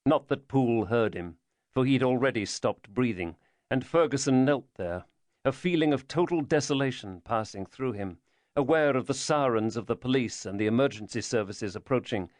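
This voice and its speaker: A man narrating a thriller audiobook in a measured storytelling manner. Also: mid-range voice, dry recording. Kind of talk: scripted narration.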